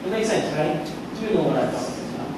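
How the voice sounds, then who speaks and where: A man's voice: a little high, animated, a little fast. A male guest pastor preaching a conversational sermon at a church camp, repeating points and asking the audience questions. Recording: echoey hall, distant mic, ambient noise.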